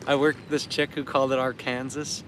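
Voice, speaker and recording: A man's voice: mid-range voice, completely flat delivery, racing, background noise. A Canadian man chatting casually on a live stream while fishing outdoors. He laughs often and tells anecdotes. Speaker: livestream host.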